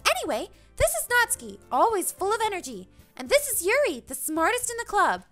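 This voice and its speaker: A woman voicing a bubbly, excitable teenage schoolgirl in a visual novel game. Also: a little fast, soft background music, full character voice. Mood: excited. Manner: high, excited, whiny.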